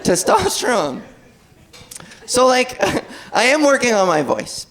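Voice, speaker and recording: A woman's voice: fairly high pitch, huge pitch swings, takes it slowly. A woman in her thirties doing a live stand-up set, wry and self-deprecating. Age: 30s. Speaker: stand-up comedian. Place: comedy stage before live audience. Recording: live audience laughter in a club.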